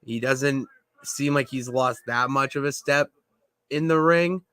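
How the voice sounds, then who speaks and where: A man co-hosting a laid-back wrestling chat, easygoing and quick with a joke. His mid-pitched voice sounds bright, with a dry, close recording. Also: clear, resonant tone, no room sound. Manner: relaxed, agreeable, jokey asides. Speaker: podcast co-host.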